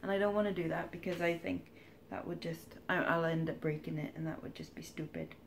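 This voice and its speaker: A woman's voice: low-pitched, fairly even intonation, a little fast, gravelly, slight background noise. A woman, chatting casually and rambling through a charity shop haul with wry asides. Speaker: charity shop reseller vlogger. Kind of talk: casual haul vlog chat.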